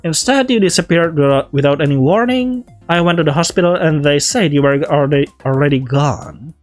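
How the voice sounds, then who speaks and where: A man's voice: fairly high pitch, fairly quick, no room sound, faint music behind, natural voice. A man reading the lines of a cheerful, caring teenage girl friend from a visual novel game, in his own voice. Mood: earnest. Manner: read out plainly from on-screen text.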